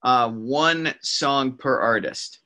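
A man's voice: medium pitch, slow pace, bright, forceful tone. A man co-hosting a music podcast, enthusiastic and joking as he talks about songs. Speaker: podcast co-host. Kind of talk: casual chat.

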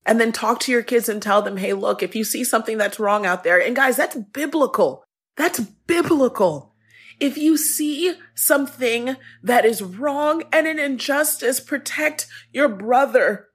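A woman podcast host speaking an earnest, halting personal message, near tears at times. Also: on the high side, slightly rough. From Africa.

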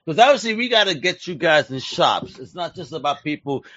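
A man hosting a casual interview, talking in a slangy, excitable, hype-driven way. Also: fairly high pitch, fairly quick, dry recording, dull audio. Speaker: interview host.

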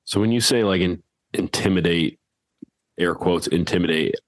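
A man's voice: low-pitched, moderate pace, rough recording. A man co-hosting a podcast, asking easygoing questions in casual chat.

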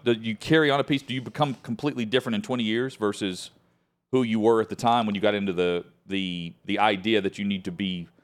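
A man with a fairly low voice hosts a sports talk show. He banters in a relaxed, chatty way with his co-host. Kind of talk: casual chat.

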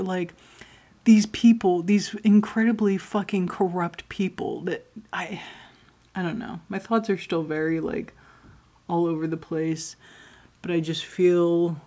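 A woman talking to her audience in a rambling, candid personal monologue, swearing often as she tells stories about her life. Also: low-pitched. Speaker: podcast host.

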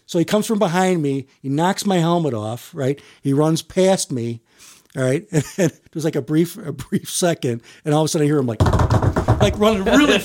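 A middle-aged man and firefighter telling a story in an interview, rambling and halting, repeating words and chuckling often. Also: on the high side, animated.

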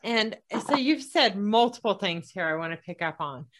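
A woman's voice: mid-range voice, expressive, normal speed, noisy background. A woman hosting a podcast, introducing her guest and emphatically picking up on points she made. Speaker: podcast host. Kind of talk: podcast conversation.

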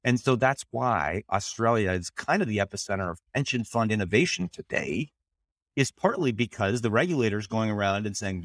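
A man's voice: on the low side, expressive, a little fast, fairly bright tone, no room sound. Man, podcast co-host, casual joking chat, fillers, dry recording. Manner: loose and joking, swears, many fillers.

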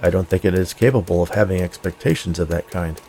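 A man voicing a precise, literal-minded male robot who speaks in a flat, deadpan way in a storybook reading. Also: low voice, fast, a little hiss or hum, natural voice.

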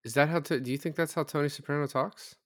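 A man co-hosting a film review podcast, talking in a relaxed, loose way full of fillers. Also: a little high, quick pace. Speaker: podcast co-host. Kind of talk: casual chat.

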